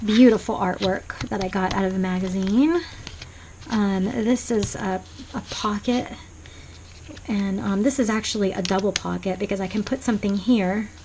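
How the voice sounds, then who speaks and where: A woman's voice: medium pitch, steady tone, moderate pace. Female craft vlogger, casual and meandering, mid-range voice, home desk recording with slight background noise. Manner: rambling and soft-spoken, many ums and restarts. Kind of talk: casual show-and-tell flip-through.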